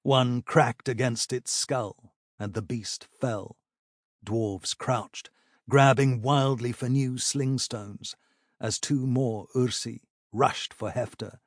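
Male narrator, audiobook, measured delivery, slow pace, dry close sound. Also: medium pitch, steady tone, no room sound.

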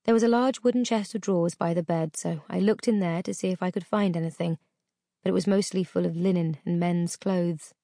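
Woman, memoir audiobook narration, measured delivery, dry close recording. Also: lowish voice, fairly even intonation, warm tone, dry recording. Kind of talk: first-person memoir narration.

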